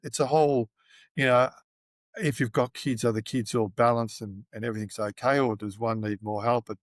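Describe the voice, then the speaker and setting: A man's voice: medium pitch, fairly even intonation, normal speed, dry recording, studio quality. A middle-aged Australian man telling a long story as an interview guest, rambling with plenty of fillers and restarts.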